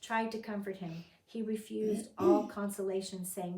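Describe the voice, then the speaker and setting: A woman's voice: mid-range voice, fairly even intonation, moderate pace, few pauses, far from the mic. A woman teaching a Bible study, telling the story dramatically and acting out the characters' lines. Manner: dramatic, acts out quotes with sudden loud outbursts. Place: fellowship meeting room. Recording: roomy sound from off the mic.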